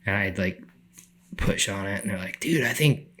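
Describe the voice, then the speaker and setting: A middle-aged man telling a story on a podcast, animated, acting out the people he quotes. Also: lowish voice, moderate pace. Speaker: podcast guest. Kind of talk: casual storytelling.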